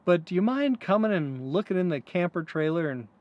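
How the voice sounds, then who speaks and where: A man's voice: high voice, sing-song, a little fast, darkish tone, lo-fi sound. Eager little boy, coaxing, slightly raised voice, as a man tells it. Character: eager young boy asking his busy dad to go camping.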